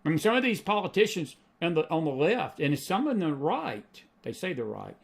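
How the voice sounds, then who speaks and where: A man's voice: a little high, big pitch swings, moderate pace, gravelly, few pauses. A middle-aged man hosting a live faith and politics show, preaching in a folksy way, repeating lines for emphasis and answering chat comments.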